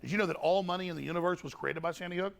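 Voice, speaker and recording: Man, very gravelly voice, slightly high pitch, defensive, rambling, interview guest. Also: racing, a bit bright. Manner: defensive, rambling, repeats himself. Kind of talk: recorded interview.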